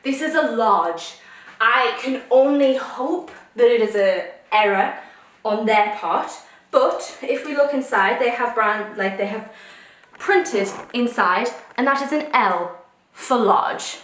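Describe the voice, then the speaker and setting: A woman's voice: fairly high pitch, slow pace, a bit bright, recorded from a distance. A young woman vlogging a try-on haul, ranting in an exasperated way. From United Kingdom. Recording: echoey room, voice a little off mic.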